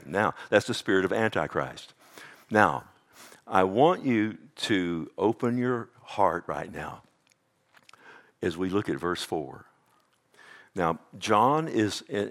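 A pastor with a deep voice preaches slowly and animatedly, swinging from loud, emphatic bursts on key words down to an intense hush. Along the way he keeps checking in with the congregation, calling out "Amen?"

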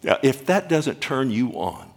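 A man's voice: medium pitch, sing-song, unhurried. An older man preaching a sermon in a folksy, emphatic way, often asking the congregation questions. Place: church or stage before a congregation.

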